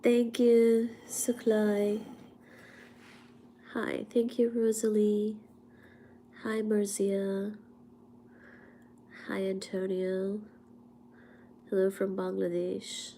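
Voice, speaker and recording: A woman from India hosts a casual livestream from her home. She is hoarse from a cold, speaks softly, often slips into a whisper, and coughs now and then. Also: medium pitch, level tone, drawn-out words, pauses often, slight background noise. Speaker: livestream host and physics teacher. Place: at home, indoors.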